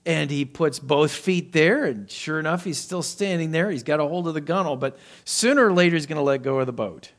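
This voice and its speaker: A man preaching a sermon, acting out Bible characters with lifted voice and dropping to a hush for emphasis. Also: a little fast, few pauses. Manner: expressive preaching, voicing Bible characters with rising pitch and volume; drops to a soft hush for emphasis. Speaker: pastor.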